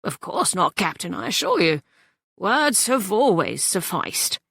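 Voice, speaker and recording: A pompous wealthy father, mercenary and self-satisfied, who talks like he is closing a deal, played by a woman reading a romance novel. His tone is blustering and confidential. The voice has a gravelly edge and sits close to a dry mic. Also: medium pitch, big pitch swings, a little slow, a bit bright, no room sound, heavily acted.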